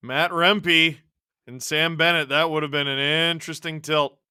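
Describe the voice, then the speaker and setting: Calling the game on his live watch-along, the streamer-host gets excitable, yelping and shouting at big plays, and banters jokily with his chat. His voice is fairly high, clear and resonant, at a measured pace, with no echo and clean studio sound.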